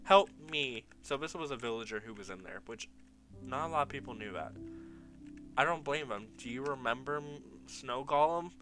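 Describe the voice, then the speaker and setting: A man's voice: mid-range voice, normal speed, pushed and bright, faint music behind. A young man giving casual commentary over old gameplay, nostalgic and laughing often as he reads his old signs aloud. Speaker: gaming YouTuber.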